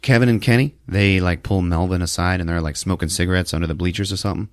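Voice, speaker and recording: A man hosting a podcast, recapping a film in a jokey, animated storytelling manner. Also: sits low, quick pace, dry recording, studio quality. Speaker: podcast host. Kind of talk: casual movie recap.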